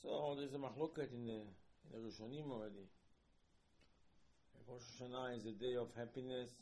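A man giving an informal Torah talk as a rabbi, animated, repeating himself and acting out quoted lines, with non-native phrasing. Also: mid-range voice, normal speed, rough recording. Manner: animated, repeats words, acts out quoted dialogue.

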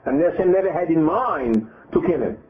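Man, fairly high voice, religious teacher, repetitive storytelling, tinny phone-like sound. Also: lively intonation, normal speed, over a noisy crowd. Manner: repetitive, retells scripture with acted quotes. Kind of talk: Torah lesson to a live group. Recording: narrow phone-like audio.

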